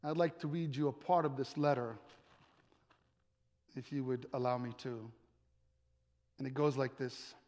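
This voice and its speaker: A male pastor preaching a sermon, dramatic, with emphatic repetition and drawn-out pauses. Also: mid-range voice, fairly even intonation, darkish tone. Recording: long hall reverb.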